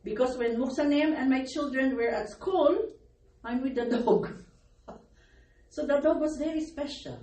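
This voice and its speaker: A woman's voice: high voice, a little slow, warm tone. A middle-aged woman pastor preaching a sermon, her voice worn from crying, calling out for amens and laughing between phrases. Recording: echoey room, distant mic, faint noise.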